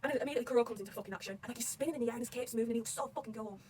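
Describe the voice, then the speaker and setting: A woman talking loudly and excitedly about a manga, swearing constantly in casual fan commentary. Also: a little high, rapid-fire, recorded from a distance, slight background noise. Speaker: manga reaction vlogger.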